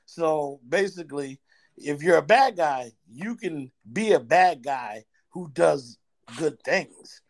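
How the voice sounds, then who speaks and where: A man's voice: a little high, lively intonation, slow. A man hosting a casual talk show, playful and speaking straight to his audience. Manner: playful, addresses audience directly. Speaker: show host.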